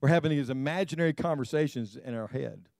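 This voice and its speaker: A man's voice: mid-range voice, quick pace, creaky, a little mellow, no echo, clean studio sound. A middle-aged man preaching a sermon to his congregation, telling stories with self-deprecating humor and speaking to them directly. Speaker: pastor.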